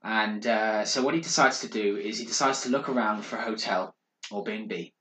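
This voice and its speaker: A man on a podcast telling a ghost story in a dramatic, hushed way, building suspense. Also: lowish voice, a little fast, slight background noise. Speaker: podcast co-host. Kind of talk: casual storytelling. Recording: roomy echo.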